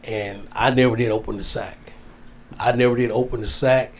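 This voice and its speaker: A man telling a heartfelt story as a guest, drawn out, dropping low and soft on the sad parts. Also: fairly even intonation, normal speed. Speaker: wrestling guest. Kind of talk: storytelling in casual interview.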